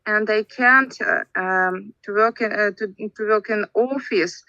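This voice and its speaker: A woman's voice: medium pitch, measured pace, pushed and bright, no echo, muffled recording. Hesitant Russian-accented woman on a call. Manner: hesitant, searching for words, giggly. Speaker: speaking club member. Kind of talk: casual group chat in English.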